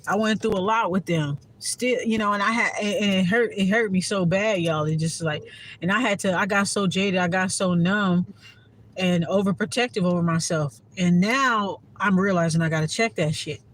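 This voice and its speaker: A woman's voice: mid-range voice, normal speed. A woman giving a heartfelt, profane casual monologue to her viewers as a spiritual content creator.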